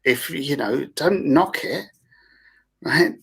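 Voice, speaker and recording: A man's voice: a little high, expressive, slow, creaky, a bit bright, husky. A man with a London accent, a therapist talking through ideas in a casual group discussion, rambling and emphatic. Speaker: guest therapist.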